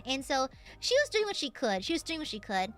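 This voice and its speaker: A woman streamer telling a story in a casual chat, animated and swearing freely. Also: high voice, brisk, faint music behind. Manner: animated, acts out the voices in her stories; swears casually, lots of fillers.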